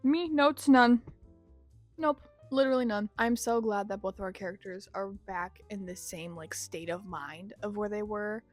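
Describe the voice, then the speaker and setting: A woman's voice: medium pitch, normal speed, hardly any pauses, soft background music. A young woman in a casual reading vlog, chatting with a gushing, filler-heavy manner about the book she is reading. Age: young adult. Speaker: book vlogger.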